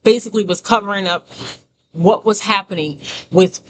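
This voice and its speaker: A woman's voice: mid-range voice, moderate pace. A woman giving a conversational testimony sermon as a prophetic teacher, emphatic, repeating phrases and talking straight to her listeners. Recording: noisy background hiss.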